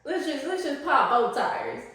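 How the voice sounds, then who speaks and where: A woman's voice: sits high, sing-song, a little slow, a bit bright, pitched above the performer's own voice, heavily acted. A woman voicing the universe as a sassy, taunting female figure who talks in slang. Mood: mocking. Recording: echoey room, voice off-mic.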